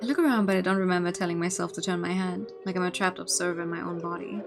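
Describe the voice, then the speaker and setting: A woman's voice: fairly low pitch, fairly even intonation, fast talker, music in the background. A young woman streamer who reads a visual novel aloud, with rambling, stammering asides in between.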